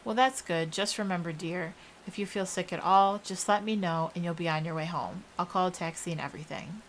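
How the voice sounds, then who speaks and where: A woman's voice: fairly low pitch, brisk, a little hiss or hum, lightly acted, rough recording. A woman voicing a kindly older female scientist who speaks in a soothing Southern accent and calls people dear. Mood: reassuring. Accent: Southern US (put on).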